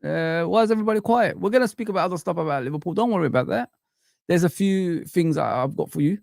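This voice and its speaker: A man hosting a live chat stream, ranting in an animated, exasperated way with repeated phrases. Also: high voice, fast, vocal fry, no echo, studio quality.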